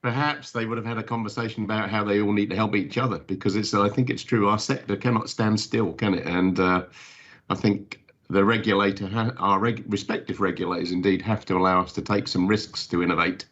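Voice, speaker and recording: Male panelist, low voice, earnest, lo-fi video call. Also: fairly even intonation, a little fast, fairly bright tone. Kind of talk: casual panel discussion. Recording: muffled video call audio.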